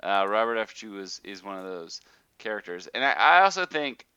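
A man hosting a casual podcast chat, animated and rambling with lots of fillers. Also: lowish voice, moderate pace, smooth, dry recording, highs cut off. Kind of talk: casual chat about a TV show.

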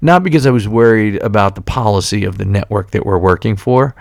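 Man, podcast host, casual rambling stories, deep voice, very dry close sound. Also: brisk, creaky, no room sound. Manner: rambling anecdotes with many restarts and laughs. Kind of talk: casual chat.

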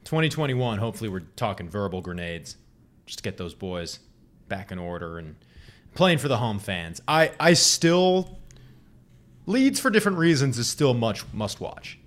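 A young man with a lowish voice co-hosts a laid-back sports chat. He tells stories with a joking edge and laughs often as he talks. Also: big pitch swings, moderate pace. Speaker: podcast co-host.

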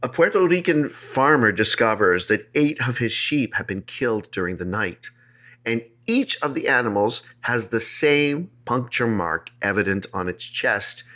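A man's voice: medium pitch, expressive, a little slow, sharp tone. A man hosting a podcast, telling a creepy legend in a playful, joking way. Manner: playful, jokey, puts on silly voices. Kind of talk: casual storytelling chat.

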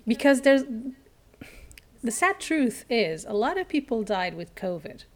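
A woman co-hosting a casual chat podcast, talking haltingly with many fillers and restarts and slipping in dry jokes. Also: on the high side, sing-song. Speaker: podcast co-host.

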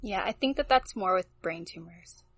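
A woman's voice: mid-range voice, animated, moderate pace, fairly bright tone, no room sound. A woman guest on a podcast, chatting casually in a self-deprecating way and laughing easily. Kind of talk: casual chat.

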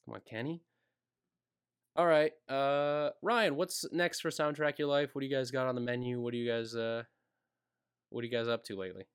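Casual male podcast host, mid-pitched voice, loose and jokey. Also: moderate pace, clean tone. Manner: loose, joking, rattles off sign-off plugs. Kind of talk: casual podcast chat and outro.

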